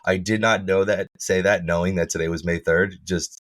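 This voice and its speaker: A man co-hosting a podcast in casual chat, his voice rough and froggy from feeling unwell, rambling and restarting sentences. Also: low voice, fairly even intonation, normal speed, fairly bright tone. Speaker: podcast co-host.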